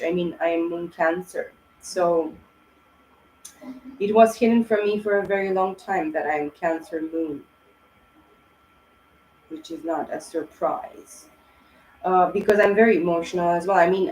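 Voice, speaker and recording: A woman's voice: on the low side, a little mellow, echoey room, slight background noise, rough recording. A woman giving a tarot reading in a rambling, emotional way, with many fillers and restarts. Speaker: tarot reader. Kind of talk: casual tarot reading monologue.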